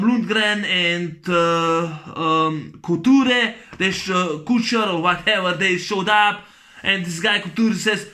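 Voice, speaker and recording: Profane, rambling, high-voiced man ranting. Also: pushed and bright. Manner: rambling, profane, many fillers and restarts. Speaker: movie reviewer. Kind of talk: profane movie rant.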